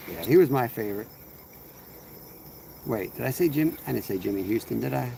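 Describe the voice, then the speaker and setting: Warm and creaky, his mid-range voice is animated and fairly quick. The man hosts a fishing livestream outdoors, casually rambling and reading out and answering viewers' chat. Crickets and insects chirp throughout.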